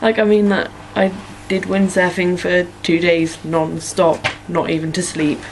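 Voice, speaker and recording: Answering questions from her followers, a young English-accented woman from Norfolk rambles casually and fills pauses with plenty of "um" and "like." Her voice is on the low side, with little pitch movement and a measured pace. A little hiss or hum runs through the rough recording.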